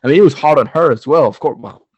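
Young dad on a casual podcast, husky and dry, profane, tells stories with a laugh. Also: male voice, a little high, fast, no room sound, muffled recording. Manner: profane, animated storytelling with laughter. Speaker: podcast co-host, father of a baby daughter. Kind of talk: casual chat.

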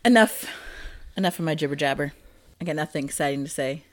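A woman in her thirties co-hosting a podcast, chatting casually in a self-deprecating, rambling way that drifts softer. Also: deep voice, fast. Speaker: podcast co-host. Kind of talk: casual chat.

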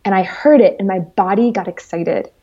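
A woman speaking as an interview guest, telling stories in a lively, rambling way with lots of fillers. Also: medium pitch, moderate pace, lo-fi sound. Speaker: guest entrepreneur. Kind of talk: casual storytelling interview.

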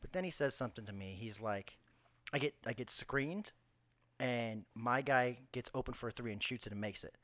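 A man's voice: medium pitch, normal speed. A man in a loose podcast chat, spinning a story with lots of energy. He jumps into other people's voices as he retells what they said and swears without a second thought. His voice sits right in the middle of the usual male range. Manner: animated storyteller, acts out quotes, swears freely. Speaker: podcast co-host.

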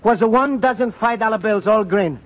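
A man's voice: high voice, brisk, natural voice. An actor playing a naive, earnest Italian immigrant man with an Italian accent, speaking polite, broken English in 1940s radio acting. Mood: earnest, worried. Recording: dull lo-fi old radio recording with hiss.

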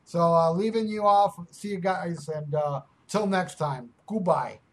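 A man's voice: sits high, measured pace, heavy background noise. A man hosting a podcast, teasing his co-host crudely and rambling with lots of fillers. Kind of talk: casual podcast banter.

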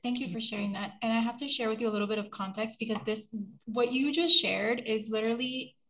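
A woman's voice: a little high, steady tone, fast talker, fairly bright tone. Effusive woman podcast host. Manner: openly emotional, effusive. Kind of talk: casual interview chat.

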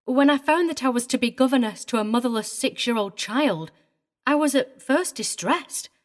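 In an audiobook drama, a woman voices a prim, tearful middle-aged governess. Her pitch sits a touch high, and at normal speed she speaks in an agitated, wavering way, staying primly proper even while upset.

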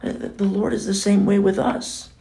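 A man's voice: high voice, level tone, normal speed, vocal fry, dark tone, slight background noise. A man preaching a casual, conversational sermon as pastor, often dropping in "you know" and acting out the voices in scripture.

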